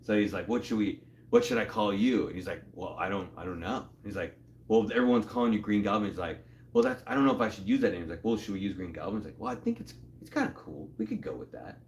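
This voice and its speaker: A man's voice: deep voice, fast, darkish tone. A man co-hosting a casual comic book chat, laid-back and chuckling as he chimes in with details. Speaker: co-host.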